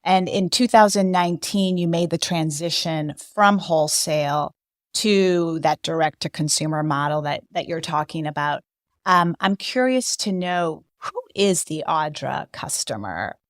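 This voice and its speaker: Podcast host lady, really low voice, slow careful questions. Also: no room sound, studio quality. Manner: unhurried, attentive questions. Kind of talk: podcast interview.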